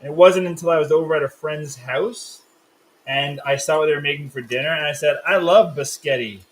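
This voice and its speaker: A man's voice: fairly high pitch, steady tone, brisk, rough recording. A man hosting a live cooking stream, explaining steps and teasing his co-host in a casual, joking way. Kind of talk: casual live cook-along chat.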